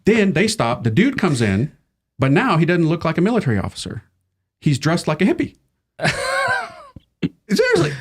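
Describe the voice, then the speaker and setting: A middle-aged man, a priest, tells an animated story as an interview guest, using casual slang, laughing often, and acting out the people in it. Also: a little high, normal speed, long pauses, slightly rough.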